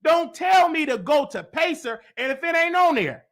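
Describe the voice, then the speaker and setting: Animated, bright-voiced man ranting. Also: very high-pitched, moderate pace. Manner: animated, emphatic, repetitive, with acted-out quotes. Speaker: host. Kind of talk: heated live-stream rant.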